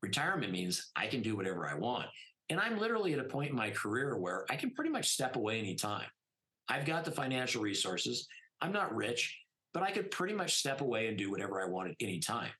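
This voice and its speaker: A man's voice: medium pitch, sing-song, fast talker, sharp tone, rough recording. A middle-aged man, a plastic surgeon guest on a podcast, telling stories casually and emphatically with many "I mean" fillers. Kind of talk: casual storytelling interview.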